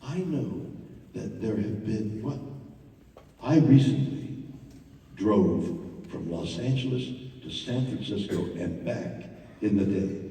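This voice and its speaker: A man giving a theatrical live monologue, swinging from hushed murmurs to loud outbursts, with halting repetitions. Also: on the low side. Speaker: stage performer telling a personal story. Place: large theater. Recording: echoey hall, mic far off.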